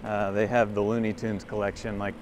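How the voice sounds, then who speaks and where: Riding a cargo bike outdoors near a lake, a livestreamer in his forties chats to viewers in a rambling, self-amused way. He speaks a little fast with a lowish voice and level tone, and background noise from the ride is clear.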